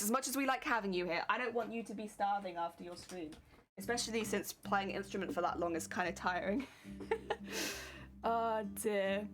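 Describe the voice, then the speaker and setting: A young British woman chatting casually on a live crafting stream, giggly and sleepy, thanking viewers by name. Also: medium pitch. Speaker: cosplay streamer. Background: guitar music playing.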